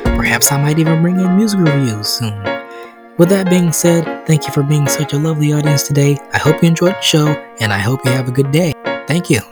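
A man hosting a scripted parody talk show in a deadpan, teasing manner. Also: on the high side, a little fast. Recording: music and crowd laughter behind.

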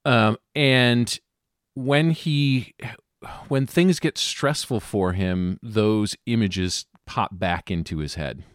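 A man playing in a tabletop horror game, thinking aloud about his character with many pauses and ums. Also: fairly low pitch, clear, resonant tone, no room sound, clean studio sound. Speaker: player.

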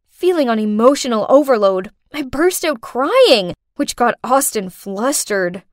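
Expressive high-voiced woman storyteller. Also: unhurried, no echo, studio quality. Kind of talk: first-person story narration.

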